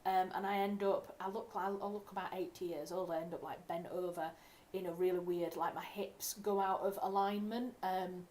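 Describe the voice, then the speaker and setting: A woman's voice: fairly low pitch, fairly even intonation, moderate pace, few pauses, darkish tone. Young english woman chatting on her writing livestream, rambly, keeps correcting herself, bit of hiss behind. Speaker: writer hosting a livestream. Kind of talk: casual livestream chat. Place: home room.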